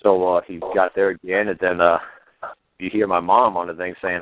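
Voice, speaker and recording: A podcast host with a deep voice speaks at normal speed with a flat delivery, telling a rambling, profane story casually and acting out the voices of its characters. The line sounds tinny and phone-like, dry with no echo.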